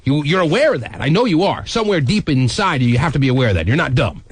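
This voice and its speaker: A man's voice: on the high side, big pitch swings, fast, slight background noise. A man hosting a radio talk show, teasing and blunt in casual banter.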